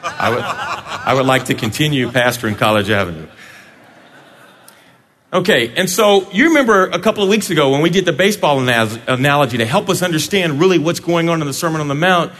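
A male pastor delivering a sermon in a church sanctuary, playful and animated as he jokes with his people. His voice sits fairly high and swings widely up and down. A long hall reverb trails every phrase. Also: brisk. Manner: playful, animated, joking with the congregation.

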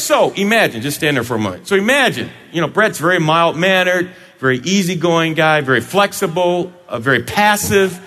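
Animated, playful pastor in an echoing hall. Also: male voice, on the high side, brisk, hardly any pauses. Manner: playful, animated, joking with the congregation. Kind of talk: sermon. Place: church sanctuary.

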